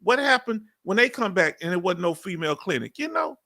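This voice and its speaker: A man's voice: sits high, sing-song, a little fast, sharp tone. A Texan man in his fifties with a Southern accent, hosting a casual live stream as a veteran, reading viewer comments aloud and laughing often. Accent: Southern US, Texas. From Texas. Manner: chatty, laughing, drawling asides. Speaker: livestream host, veteran.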